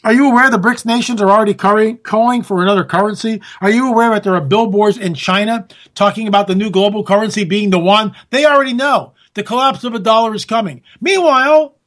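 A high-pitched man delivers a sarcastic, animated political monologue, addressing his listeners directly as folks.

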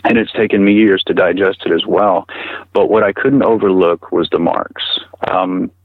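A middle-aged man telling his story in an interview, halting and repeating words with many fillers, heard over a tinny phone line. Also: low voice, steady tone, no echo. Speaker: guest recounting personal experience.

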